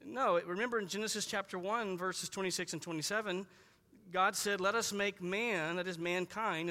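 A man preaching with a high, bright voice that rings through a hall with a long reverb. He is emphatic, repeats his key phrases and slows down sharply to press home single words. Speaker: pastor. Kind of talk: sermon.

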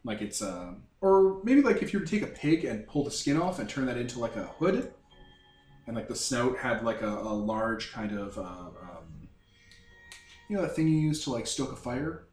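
A man's voice: mid-range voice, animated, normal speed, darkish tone. A man narrating as game master of a tabletop game, rambling and searching for words. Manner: rambling, full of fillers and restarts. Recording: roomy, distant mic with faint music.

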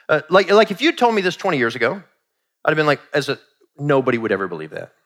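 A middle-aged man preaching a sermon in a conversational, animated way, acting out quoted asides. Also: a little high, fast. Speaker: pastor.

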